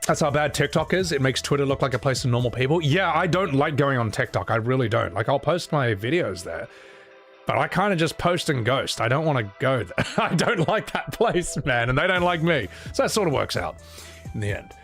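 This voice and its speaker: A man's voice: mid-range voice, expressive, a little fast, a bit bright, faint music behind. A man streaming live, reading out chat messages and answering in a rambling, casual way with lots of fillers and chuckles.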